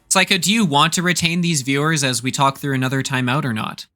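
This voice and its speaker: A man's voice: a little high, fast, pushed and bright, soft background music. A man casting a VR esports match with casual, teasing banter toward his co-casters.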